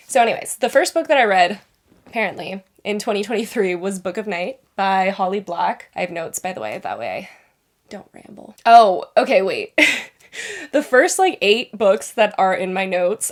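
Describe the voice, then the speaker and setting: A young woman reviewing books in a casual, rambling vlog, with self-deprecating asides. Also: mid-range voice. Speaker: book reviewer.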